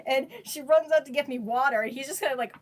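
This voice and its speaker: A woman with a voice a little above the usual pitch tells a story straight to camera. She rambles, drops slang, restarts her sentences and keeps breaking into laughter as she goes. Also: fast. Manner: breaks into laughter while telling it. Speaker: vlogger. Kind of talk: casual storytelling.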